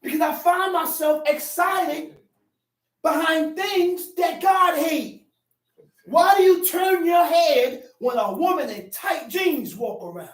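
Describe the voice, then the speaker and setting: A man giving a religious Sabbath teaching to a small group. He talks in a streetwise, conversational way and breaks into sudden shouted bursts for emphasis. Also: very high-pitched, takes it slowly. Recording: echoey room, distant mic.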